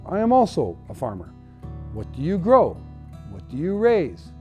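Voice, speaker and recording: A big, gruff Russian army captain barks short, broken English in blunt bursts, as a man mimics him. The voice sits mellow and low in tone, with faint guitar music behind. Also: huge pitch swings, moderate pace. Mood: friendly.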